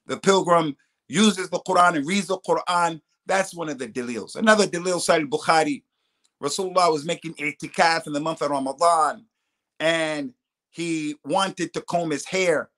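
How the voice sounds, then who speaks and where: Answering live-stream questions in his role as a religious scholar, a man explains things at length. He quickly recites quotations in Arabic, his voice on the high side and a bit bright.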